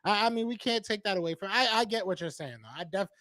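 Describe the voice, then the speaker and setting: Fast-talking, high-voiced male host. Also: sharp tone, dry recording, studio quality. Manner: easygoing, agreeable, laughs along. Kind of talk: casual sports call-in chat.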